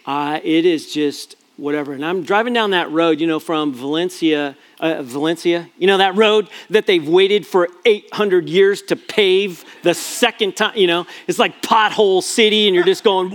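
High-voiced pastor telling a family story. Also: male voice, normal speed, few pauses, fairly bright tone. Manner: chatty and self-deprecating, many fillers and restarts. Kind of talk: storytelling sermon.

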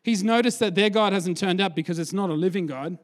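A man preaching a lively sermon, telling stories with energy and acting out quotes before settling into a quieter appeal. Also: high-pitched, brisk. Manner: energetic storyteller, acts out quotes, drops to a hushed close.

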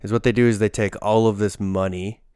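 A man with a lowish, smooth, clear voice explains his views steadily. He sounds analytical and sure. The sound is dry and close. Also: level tone, a little fast, mellow, dry recording. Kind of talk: casual chat.

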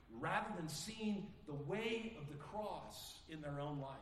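A male pastor preaching a sermon earnestly, acting out quoted voices with sudden rises in pitch. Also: big pitch swings, slow pace, few pauses, fairly bright tone, roomy sound, recorded from a distance, slight background noise.

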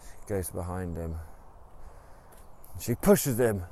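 A man's voice: deep voice, expressive, slow pace, dark tone. A man retelling a story in a casual, rambling way, with many ums and restarts. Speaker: podcast storyteller.

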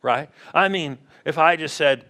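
A man's voice: a little high, measured pace, sharp tone. A man preaching a conversational sermon in a church, often asking the congregation questions. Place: church sanctuary.

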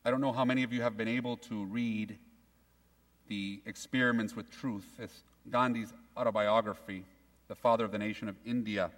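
Animated priest preaching in a reverberant church. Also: male voice, fairly low pitch, moderate pace. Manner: animated storytelling, acting out quotes. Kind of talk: sermon.

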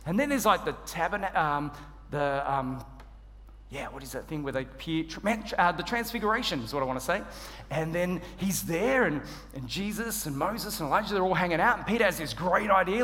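A man's voice: high voice, normal speed. A man with an Australian accent preaching a sermon in church, telling stories with humor and poking fun at himself. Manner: humorous, self-deprecating, animated storytelling. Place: church hall. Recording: church hall reverb.

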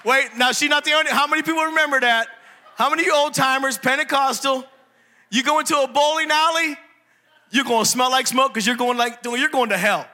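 A man preaching in a church, his voice high and bright as he jokes and keeps quizzing the congregation. His delivery is animated and playful, quick to switch from banter to scripture. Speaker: pastor. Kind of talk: humorous sermon.

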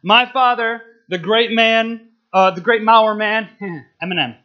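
This young man's voice sits high, and he takes his time as a guest speaker at a church service, giving a jokey talk. He's playful and emotional, laughing while he speaks, on dull audio.

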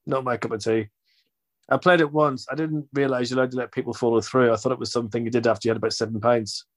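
A man's voice: mid-range voice, fairly even intonation, fast talker. A man hosting a football fan podcast, chatting casually with jokey, rambling banter. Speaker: podcast host. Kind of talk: casual chat.

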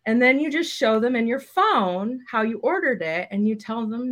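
A woman's voice: fairly high pitch, animated, a little fast, few pauses, a bit bright. A woman guest on a podcast, explaining things chattily with lots of "like.". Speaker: guest, media relations. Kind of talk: casual chat.

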